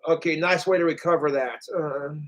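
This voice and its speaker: A man's voice: a little high, normal speed, fairly bright tone. Rambling, cursing man vlogging to camera. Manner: rambling, cursing, groaning and sighing. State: in pain from a hurt toe. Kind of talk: casual rambling vlog to camera.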